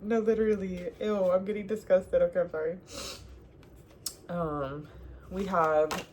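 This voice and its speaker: A young woman giving relationship advice in a sassy, animated, casual monologue to the viewer, often laughing. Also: on the low side, a little slow, pauses often, slight background noise. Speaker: advice vlogger.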